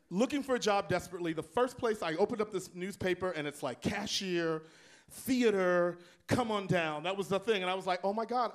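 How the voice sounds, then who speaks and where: A man from Texas doing stand-up into a handheld mic, sassy and loud, with sudden whoops. His voice sits fairly high for a man. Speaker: stand-up comedian. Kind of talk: stand-up comedy set.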